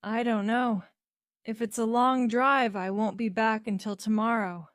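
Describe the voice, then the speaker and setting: A woman's voice: on the high side, steady tone, measured pace, clear, resonant tone, no room sound, studio quality, close to an everyday voice. A woman voicing a cheerful young man who gives short replies to his mother, in a storybook reading.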